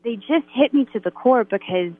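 A woman's voice: fairly high pitch, lively intonation, moderate pace. A woman musician candidly sharing a faith testimony in a radio interview, with nervous laughter between phrases. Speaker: Catholic worship musician, guest. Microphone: phone. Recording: tinny phone line.

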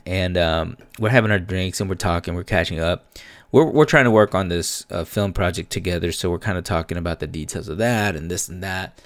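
A man with a deep, low voice spins a loose, slangy story, swearing freely and dropping in Spanish words. He sounds relaxed, taking sips of beer between lines. The sound is close and dry, with no room around it. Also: no room sound. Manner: laid-back and profane, slangy, mixes in Spanish words; sips a beer while talking. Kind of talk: casual storytelling monologue.

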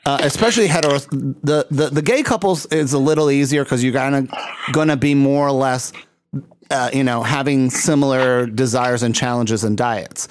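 A man's voice: medium pitch, moderate pace. A man hosting a casual interview chat, chatty and laughing often, with plenty of fillers. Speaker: host.

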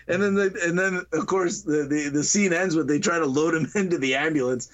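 A man's voice: fairly high pitch, brisk, few pauses, a little hiss or hum. A man on a podcast retelling a funny movie scene in a casual chat, laughing often and acting out the lines in voices. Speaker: podcast co-host.

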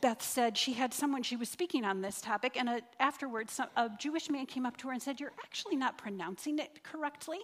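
Woman preaching in a reverberant hall. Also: on the high side. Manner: earnest, drawn-out emphasis, leads the congregation in prayer. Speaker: church speaker. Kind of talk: sermon. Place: church sanctuary.

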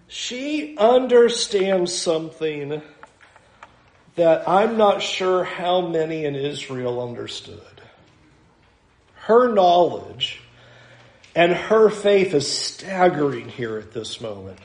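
A man's voice: high-pitched, expressive, takes it slowly, darkish tone, roomy sound. A man preaching a sermon in a conversational, self-deprecating way, acting out little asides. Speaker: pastor.

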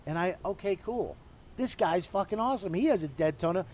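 A man's voice: high-pitched, animated, a little fast. Candid, profane middle-aged man. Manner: candid, profane, self-deprecating; smoking a cigar while talking. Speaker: comedian guest. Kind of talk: casual interview talk.

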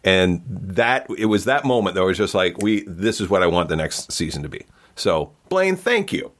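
Male podcast host, lowish voice, easygoing and encouraging. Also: fairly bright tone. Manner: encouraging, quick short replies. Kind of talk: casual podcast chat.

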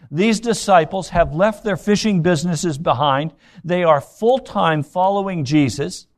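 Man, pastor, sermon, fairly high voice, acts out scripture dialogue, fires rhetorical questions. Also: a little mellow. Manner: storytelling preacher acting out scripture dialogue; rapid rhetorical questions to the congregation.

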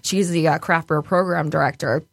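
A woman's voice: deep voice, steady tone, moderate pace, gravelly, no echo. A woman from New York speaking candidly in a casual interview, laughing often and swearing freely. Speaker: podcast guest.

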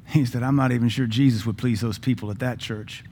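A man's voice: mid-range voice, fairly even intonation, brisk, warm tone, breathy edge. A male pastor, preaching a sermon in a conversational, folksy way with asides to the congregation. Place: church.

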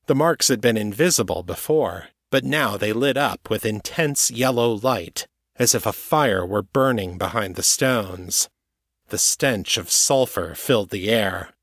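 A man narrating an audiobook chapter in a steady, even storytelling manner. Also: lowish voice, a little slow, dry recording, clean studio sound.

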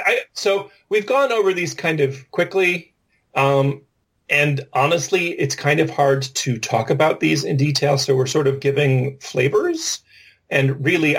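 A man's voice: medium pitch, slightly rough. A man co-hosting a podcast, explaining a linguistics topic in casual chat and thinking aloud as he goes. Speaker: podcast co-host.

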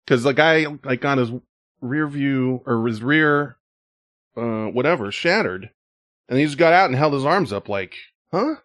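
A man hosting a casual group chat show, animated and quick to laugh. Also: medium pitch, dry recording. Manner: animated, laughs often, mimics others. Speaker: podcast host.

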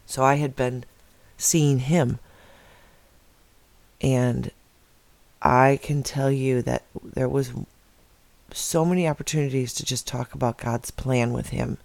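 A man's voice: mid-range voice, creaky, a little mellow, no room sound. A man earnestly sharing a heartfelt personal faith testimony, reflective and open.

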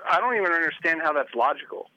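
A man's voice: fairly high pitch, animated, quick pace, bright, forceful tone, no room sound, muffled recording. A man calling into a radio show, defending himself with sarcasm. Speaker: caller. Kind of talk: phoned-in radio argument.

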